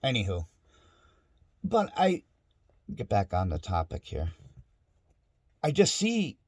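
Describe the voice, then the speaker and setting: Speaking slowly in a creaky, lowish voice, this middle-aged man swoops wildly in pitch. He's a vlogger at home near his dogs, frustrated and repeatedly starting over in a loose monologue, with no room sound.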